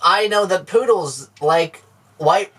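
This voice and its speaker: A man playing a deadpan male market vendor in an improvised comedy sketch, calm and matter-of-fact. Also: sits high, takes it slowly, breathy edge, heavily acted.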